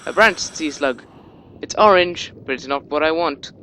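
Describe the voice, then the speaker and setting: A man's voice: a little high, moderate pace, bright, forceful tone, slight background noise. A young man giving casual commentary on a video game, rambling, joking and swearing freely. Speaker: let's play commentator.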